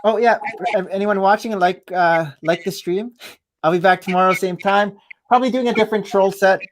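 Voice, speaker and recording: High-voiced guy hosting his lego stream, chill and friendly. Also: moderate pace. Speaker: livestream host. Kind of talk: casual chat.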